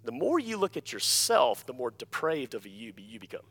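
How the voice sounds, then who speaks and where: A pastor preaching a sermon, emphatic, often asking the congregation "Amen?" and dropping to quiet asides between louder points. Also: male voice, very animated, moderate pace, husky. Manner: emphatic, repeats key phrases, calls "Amen?" to the congregation; swings between loud emphasis and quiet, low-voiced asides.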